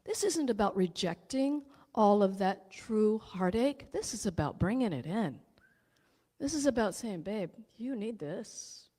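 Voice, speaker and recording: A woman's voice: mid-range voice, expressive, measured pace, dark tone, long reverb tail. A woman who is a spiritual teacher and channeler, giving an enthusiastic, joyful inspirational talk.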